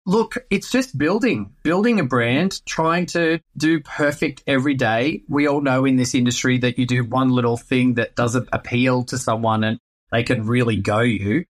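A man, a real estate agent answering interview questions in a playful, animated way. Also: medium pitch, moderate pace.

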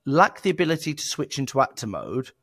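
A man's voice: medium pitch, sing-song, fairly quick, bright, forceful tone, husky, no room sound, clean studio sound. A man co-hosting a podcast, talking casually, laughing often and acting out quoted voices. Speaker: podcast co-host. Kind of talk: casual sales podcast chat.

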